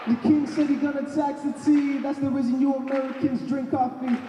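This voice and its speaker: A man's voice: very high voice, flat delivery, brisk, music in the background. A teenage boy performing a rap with call-and-response on a large stage. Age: teens. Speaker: student performer. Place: large opera house stage. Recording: echoey hall from far off, noisy.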